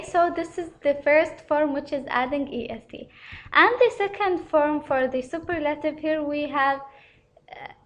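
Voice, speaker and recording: Slow, high-voiced woman teaching grammar. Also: fairly bright tone. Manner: careful, repetitive, pauses often with uh. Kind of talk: slow explanatory lesson.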